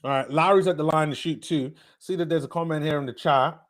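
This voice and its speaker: A man's voice: fairly high pitch, brisk. A young man hosting a live basketball watch stream, chatting casually, reading viewer comments and often repeating words.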